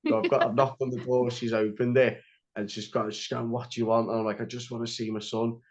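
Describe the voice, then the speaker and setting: In a casual storytelling interview, a young male podcast guest rambles fast and flatly at a medium pitch, filling his speech with "like" and frequent restarts. The lo-fi audio sounds slightly dull.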